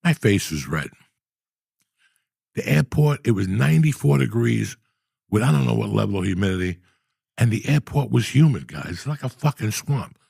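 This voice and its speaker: Gravelly profane man in his sixties. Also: fairly low pitch, normal speed, long pauses, no echo, studio quality. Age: 60s. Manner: profane, animated storytelling with loud outbursts. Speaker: podcast host. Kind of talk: casual storytelling.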